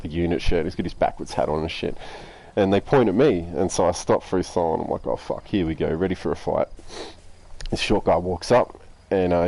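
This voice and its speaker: A man's voice: deep voice, mellow, dry recording. A young Australian man telling a rambling story in a casual, laid-back way, swearing constantly.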